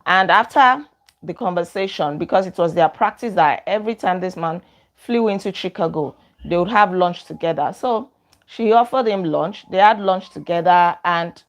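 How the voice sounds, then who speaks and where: Woman host, chatty storyteller, casual and full of asides. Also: fairly low pitch. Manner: chatty, retells stories in her own words with many asides. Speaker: book review host.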